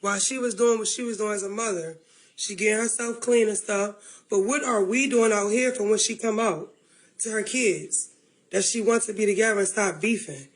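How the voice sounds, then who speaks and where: A woman's voice: mid-range voice, normal speed. A woman on a livestream, rambling emotionally about family and talking straight to her viewers. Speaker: livestreamer in a played clip.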